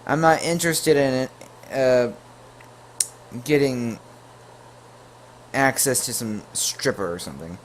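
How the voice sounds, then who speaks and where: A man narrates a storytime episode in a relaxed, joking way and keeps breaking off for asides and corrections. His pitch sits in the middle, and faint background noise runs under the voice. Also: slow, pauses often. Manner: jokey, full of asides and self-corrections. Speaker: YouTube storyteller.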